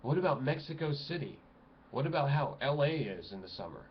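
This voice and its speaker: Fired-up male vlogger, exclamatory outbursts and low muttering, dull home recording. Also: very animated, a little fast, a little hiss or hum. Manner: agitated, exclamatory, swings between loud outbursts and low mutters. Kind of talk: impassioned ranting monologue. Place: home room at a computer desk.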